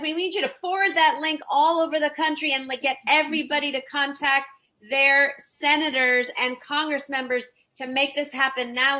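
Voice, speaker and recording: Woman organizer, high bright voice, upbeat wrap-up thank yous on a video call. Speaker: rally organizer. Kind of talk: closing announcements.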